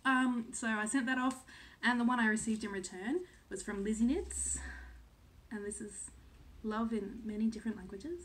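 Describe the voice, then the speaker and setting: A woman's voice: fairly high pitch, moderate pace, fairly bright tone. A woman in her thirties from Australia chatting casually to camera as a cross-stitch vlogger, full of "um"s and second-guessing herself. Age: 30s.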